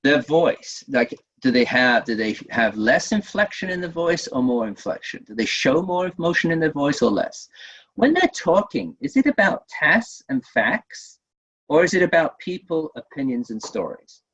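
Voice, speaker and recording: A man presenting a workshop webinar, speaking in a lively way and putting many questions to his audience. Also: fairly high pitch, normal speed, slightly rough. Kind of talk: webinar teaching. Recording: dull lo-fi webinar audio.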